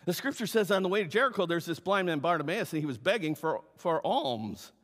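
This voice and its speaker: A pastor preaches a sermon in a church sanctuary, his voice fairly high and his pace fairly quick. He's animated, acting out the characters in the story. Long hall reverb fills the recording.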